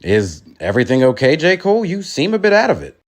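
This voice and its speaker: Guy doing a needling interviewer, lower voice, pushing for drama. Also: wildly swooping pitch, quick pace. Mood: probing. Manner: leading questions, needling. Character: pushy male interviewer hungry for drama. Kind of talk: comedy sketch.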